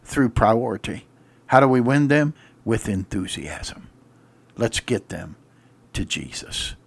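A middle-aged male pastor preaching a radio sermon with rhetorical questions and repeated refrains, swelling to loud emphatic peaks. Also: fairly low pitch, sing-song, slow, gravelly, slightly rough.

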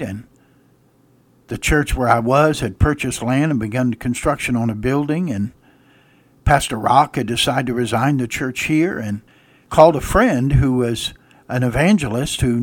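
A man's voice: medium pitch, no echo. A male pastor preaching a radio sermon, reading old-style scripture and rising to emphatic exclamations.

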